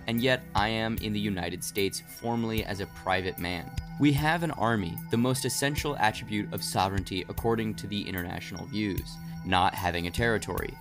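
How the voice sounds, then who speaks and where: A man reading out a formal letter as an earnest older male statesman, in a measured, pleading way. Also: lowish voice, close to an everyday voice. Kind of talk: comedic reading of a historical letter.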